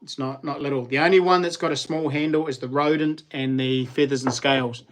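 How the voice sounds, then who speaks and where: A man's voice: mid-range voice, fairly even intonation, fairly quick. A middle-aged man, chatting casually about his handmade knives, easygoing and rambling with ums and restarts. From New Zealand. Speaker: vlogger and knife maker. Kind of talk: casual show-and-tell chat.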